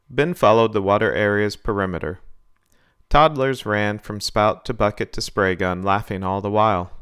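A man hosting a storytelling show, reading a story aloud in calm, measured narration. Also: on the low side, clear, resonant tone. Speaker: storyteller host.

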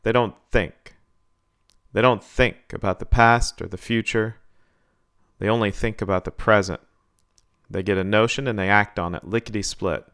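A man's voice: on the low side, steady tone, moderate pace, long pauses, fairly bright tone, smooth, no echo, studio quality. A man reading the part of a curt, grumbling old man who mumbles short replies. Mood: gruff. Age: older.

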